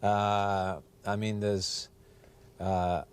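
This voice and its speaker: A man's voice: on the low side, flat delivery, drawn-out words, clean tone. A man being interviewed as a guest on a TV show, speaking mildly and hesitantly with many ums. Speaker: actor, guest. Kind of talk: casual interview chat. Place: TV studio.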